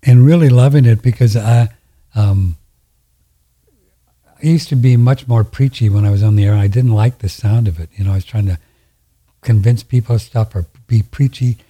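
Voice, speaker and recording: Man, host, low husky voice, dark mellow tone, folksy rambling chat. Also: moderate pace, pauses often. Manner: folksy, rambling, repeats himself. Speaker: radio show host. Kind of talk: casual conversation.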